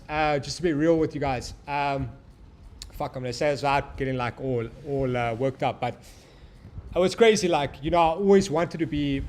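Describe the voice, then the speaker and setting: A man's voice: a little high, darkish tone, a little hiss or hum. A young man hosting a live trading stream, hyping up his chat and turning to a profane, heartfelt motivational talk. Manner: hyped, profane, motivational, addresses chat as bro. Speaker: trading livestream host.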